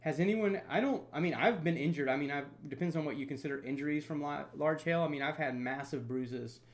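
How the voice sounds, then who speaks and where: A man's voice: on the high side, a little fast. Chatty storm-chaser man on a livestream. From North Florida. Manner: chatty, laughs easily, reads viewer comments aloud. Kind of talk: casual livestream chat.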